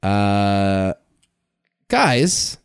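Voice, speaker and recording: A man's voice: fairly low pitch, very animated, extremely slow, clear, resonant tone, dry recording. A podcast co-host in loose, joking banter. He swears freely, and his voice rises and falls a lot. The sound is dry and close-miked. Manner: jokey, profane, playful. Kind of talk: casual chat.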